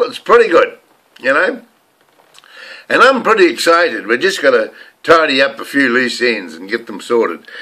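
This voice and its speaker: A man's voice: medium pitch, sharp tone. An older man from New Zealand with a New Zealand accent, ranting in a rambling vlog monologue to camera and often repeating words. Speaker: vlogger.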